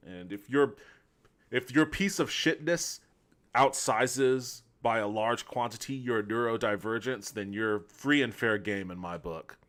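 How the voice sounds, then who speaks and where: A man's voice: mid-range voice, fairly bright tone. A man hosting a stream, giving casual, blunt and joking reaction commentary. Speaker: stream host.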